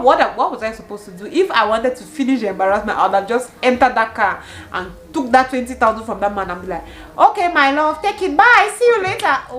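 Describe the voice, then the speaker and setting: A young woman from Cameroon in her twenties, telling a storytime vlog with animated storytelling and bursts of laughter. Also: on the high side, a little hiss or hum, rough recording. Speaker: vlogger.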